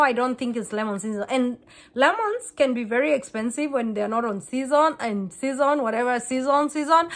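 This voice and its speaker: A woman, a Kikuyu speaker, chatting fast to camera in a casual vlog, often repeating and restarting words. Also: on the high side, fairly bright tone. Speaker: vlogger.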